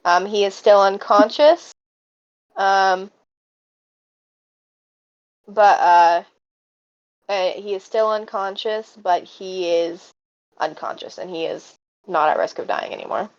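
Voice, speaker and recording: A woman's voice: mid-range voice, takes it slowly, long pauses. A woman narrating a tabletop game as game master, with vivid descriptive narration. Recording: dull lo-fi audio.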